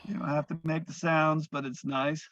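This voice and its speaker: A man teaching breathwork, guiding listeners through breaths in a slow, soothing way that often trails off softly. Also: fairly high pitch, little pitch movement, a little hiss or hum. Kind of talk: guided breathing instruction. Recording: dull, lo-fi dry sound.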